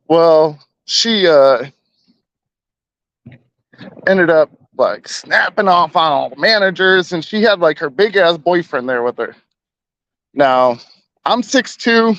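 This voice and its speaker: Chill thirties guy rambling thru a story, kinda high voice, dull lo-fi audio. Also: animated, slow, long pauses, fairly bright tone. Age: 30s. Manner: rambling, laid-back, slangy, lots of "like" and "you know". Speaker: vlogger telling a story. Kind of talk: casual storytelling.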